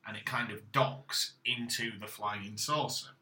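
A man's voice: medium pitch, fairly even intonation, unhurried, bright, forceful tone. A man co-hosting a podcast, casually recapping a story with dry, matter-of-fact asides. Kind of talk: casual chat. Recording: echoey room.

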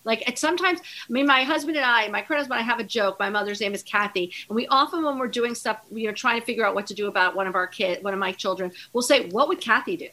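Woman, middle-aged, podcast guest, chatty, rambling, fillers, bright tone. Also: a little high, fast talker, few pauses. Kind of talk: casual chat.

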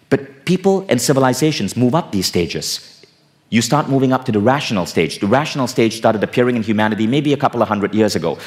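A male personal growth speaker giving an emphatic, casual stage talk to a live audience, with the occasional swear word. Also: medium pitch. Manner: emphatic, casual, sometimes profane.

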